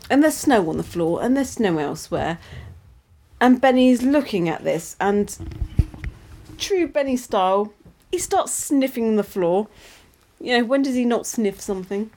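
A woman's voice: mid-range voice, animated, a little slow, dark tone, slight background noise. Brief: woman, podcast co-host, casual recap, laughs often. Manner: chatty, giggly storytelling. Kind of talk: casual chat recapping a TV episode.

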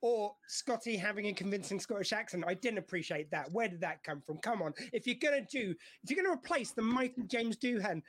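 A man's voice: sits high, lively intonation, brisk, few pauses, fairly bright tone. A man co-hosting a podcast in casual chat, jokey and rambling, often laughing as he talks. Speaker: podcast co-host.

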